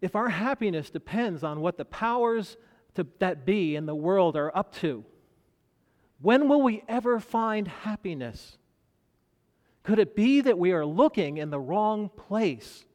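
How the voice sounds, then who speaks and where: A man with a fairly high voice delivers a sermon at an unhurried, deliberate pace. He leans into key phrases with rising emphasis and lets pauses hang. His voice carries through the long reverb of a large hall. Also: sing-song, a little mellow. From United States. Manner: measured preaching with dramatic pauses and rising emphasis. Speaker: pastor.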